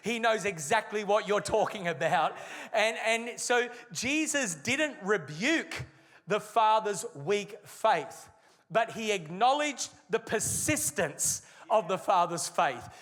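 A man preaches with a high, bright-edged voice, leaning hard on key words and drawing phrases out for weight. He speaks as a pastor addressing a congregation in full sermon mode. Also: animated, big-room sound. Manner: emphatic preaching with slowed, stressed phrases.

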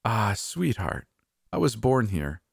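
Guy doing a creaky-high old hollywood diva, theatrical sighs, calls everyone dearie, dry close sound. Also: very animated, slow, no room sound, exaggerated voice. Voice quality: high-pitched and hoarse. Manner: dramatic, sighing, sweetly condescending. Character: elderly female Hollywood diva, dramatic, repetitive. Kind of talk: storytelling podcast narration.

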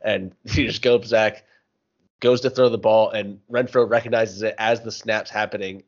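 A low-voiced man on a casual sports podcast, recapping a play in a loose way and swearing freely. The recording sounds dull and lo-fi. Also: steady tone, normal speed.

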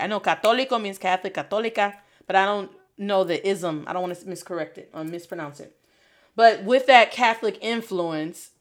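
A young woman hosts a lively, casual spoken lesson. She talks in an animated, playful way and scolds with mock outrage. Her pitch sits in a middle range for a woman. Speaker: Spanish teacher and podcast host.

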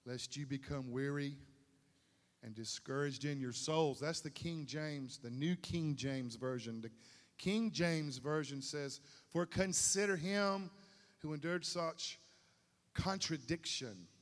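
Folksy preacher man, booming hall. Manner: folksy, repeats himself, builds to emphatic peaks. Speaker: pastor. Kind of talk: sermon. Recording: long hall reverb.

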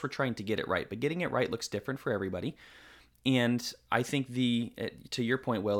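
A man's voice: mid-range voice, fairly bright tone. A man talks through his points with emphasis, building one argument on the next. His voice sits in a middle register. It is a casual podcast discussion. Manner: emphatic, argues in long runs of points. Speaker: co-host.

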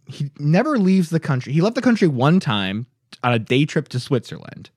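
A man's voice: on the high side, very animated, moderate pace, a little mellow, breathy edge, no room sound, clean studio sound. A man hosting a podcast, telling a story in casual chat and laughing often. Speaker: podcast host.

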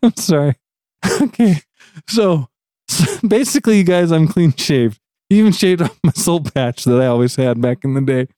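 A man's voice: fairly high pitch, normal speed, no echo, clean studio sound. A man telling a long story in casual chat on a podcast, laughing often and acting out what people said. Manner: animated, laughs often, acts out quotes.

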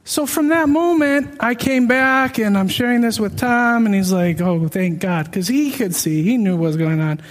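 High-voiced man telling his testimony. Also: moderate pace, hardly any pauses, big-room sound. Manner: earnest, emotional, self-deprecating. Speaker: speaker sharing a personal testimony. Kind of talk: personal testimony storytelling.

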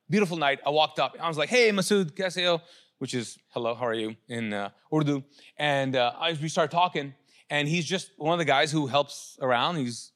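A middle-aged male pastor preaching a sermon, animated, asking the crowd questions and acting out quotes. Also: mid-range voice.

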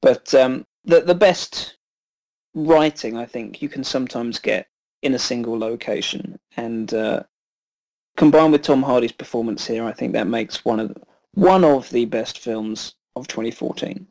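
A man co-hosting a film podcast, reviewing in a measured, hesitant way with frequent ums. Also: medium pitch, creaky, a little mellow, low-quality recording.

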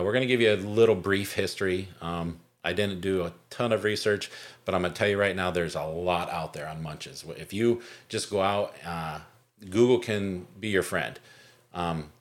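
A man's voice: low voice, normal speed. A man co-hosting a podcast, talking casually and rambling with many ums and restarts. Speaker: podcast co-host.

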